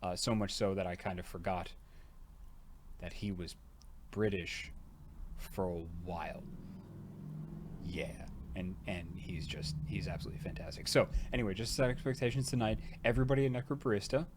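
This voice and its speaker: Low-pitched male streamer, casual and rambling, sounds jaw-tired. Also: moderate pace, background noise. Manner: rambling, chatty, frequent "uh" fillers. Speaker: streamer and voice actor. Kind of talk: casual livestream chat.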